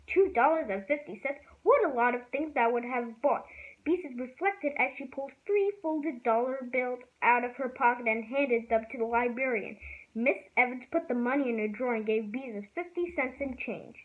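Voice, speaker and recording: A woman reads a children's storybook aloud in a lively, expressive way. Her voice sits a little high, and the recording is tinny and phone-like. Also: moderate pace. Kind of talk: reading a children's book aloud.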